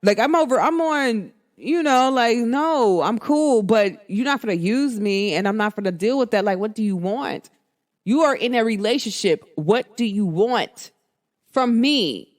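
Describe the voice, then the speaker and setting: Frank, expressive woman podcast host. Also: a little high, measured pace. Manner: expressive, frank, slangy, acts out quoted dialogue. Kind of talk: candid monologue to listeners.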